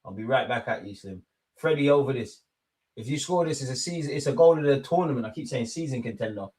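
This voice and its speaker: A man's voice: mid-range voice, expressive, fast talker, darkish tone, slightly rough. A man hosting a live football watch-along stream, chatting loosely and bantering with his viewers in slangy speech.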